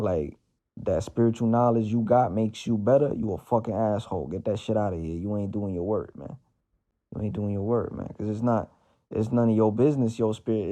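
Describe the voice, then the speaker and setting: A podcast host from the Bronx, speaking with a New York accent, muses through a casual spiritual monologue at home with his cat. His low, mellow voice carries slangy, streetwise, reflective talk packed with fillers.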